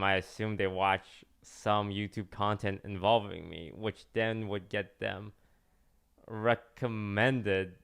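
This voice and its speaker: A man's voice: fairly low pitch, vocal fry, fairly bright tone, clear, resonant tone. A young man, a streamer, telling a story in a casual, rambling way with many fillers and restarts.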